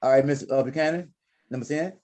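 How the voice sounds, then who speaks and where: A quick-speaking man with a drawl, leading a Spanish lesson. He repeats himself as he patiently walks students through corrections. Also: mid-range voice, dark tone. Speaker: Spanish teacher. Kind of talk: online class instruction.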